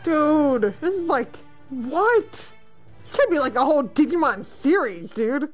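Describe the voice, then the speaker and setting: A woman streaming a role-playing game and commenting on it, excitable and quick to laugh and exclaim. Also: sits high, soft background music. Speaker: let's play streamer. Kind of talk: gaming commentary.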